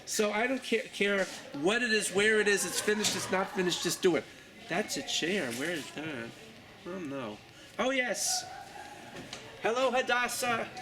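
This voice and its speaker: A man's voice: sits high, noisy background. Chatty older New York man. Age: 60s. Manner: chatty, rambling, jokey asides. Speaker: journalist and artist giving an exhibition tour. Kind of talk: casual guided tour talk.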